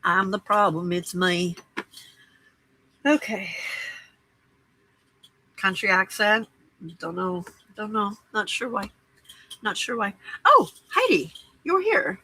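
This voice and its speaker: A woman's voice: medium pitch, steady tone, slow, pauses often, bright, forceful tone, rough recording. A woman hosting a late-night crafting livestream from her home craft room, chatting casually, greeting viewers by name and teasing herself.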